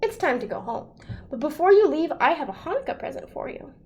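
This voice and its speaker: A woman's voice: high-pitched, sing-song, quick pace, darkish tone. A librarian playing a chatty old grandmother. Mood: warm, chatty.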